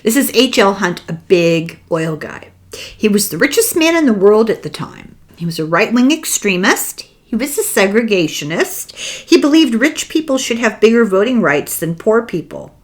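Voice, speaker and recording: An older woman with an Irish accent talks casually and wryly, as if sharing a conspiracy with a friend. Her pitch sits mid-range but moves with great animation. She tells the story the way a host talks to regular listeners. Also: very animated, moderate pace. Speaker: podcast host discussing a book. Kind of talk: casual chat.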